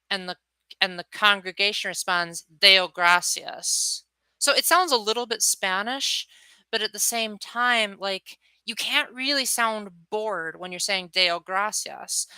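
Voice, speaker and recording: A woman's voice: medium pitch, bright, forceful tone, no room sound, rough recording. A young adult woman chatting casually on her livestream, reacting to viewers and acting out little quotes. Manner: chatty, answers viewers' chat, acts out quotes. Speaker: livestream host.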